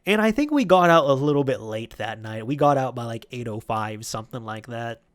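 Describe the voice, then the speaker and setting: A man's voice: mid-range voice, lively intonation, brisk, clean tone. A man tells a story from his old job in a loose, chatty vlog style. He keeps adding fillers and restarting his sentences. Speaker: YouTube host.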